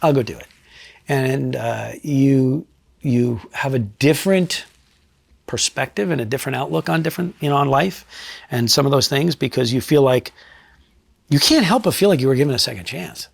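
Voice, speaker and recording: Gravelly middle-aged man, blunt and candid. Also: mid-range voice, moderate pace, no room sound. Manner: blunt, profane, reflective. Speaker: retired state trooper and crime scene investigator. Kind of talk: candid sit-down interview storytelling.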